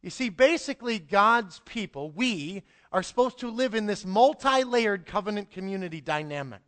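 High, bright-voiced male preacher. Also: expressive, moderate pace. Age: adult, married father. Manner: conversational, keeps checking in with the congregation; swings between loud emphatic peaks and soft, low asides. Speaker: pastor. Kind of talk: sermon.

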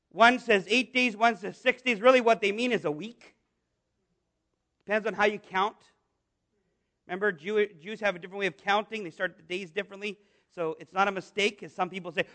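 A middle-aged pastor with a high voice preaches a sermon, animated and putting questions to his congregation.

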